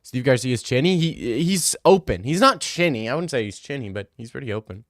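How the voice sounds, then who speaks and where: Young male streamer, middle pitch, crude and rambling slang-heavy Q&A, dry close sound. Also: lively intonation, fairly quick, a bit bright, dry recording. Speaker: streamer answering chat questions. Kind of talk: casual livestream Q&A.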